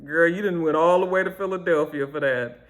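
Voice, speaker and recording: A woman chatting through a reality-show recap to camera, telling it with sassy slang and drawn-out emphasis. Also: fairly low pitch.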